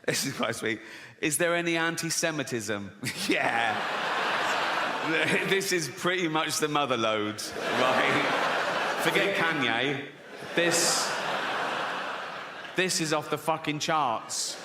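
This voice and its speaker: A man's voice: a little high, animated, slow pace, heavy background noise. A British man doing a stand-up comedy routine, sardonic and sweary with mocking asides. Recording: echoey venue with loud laughter. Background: audience laughter.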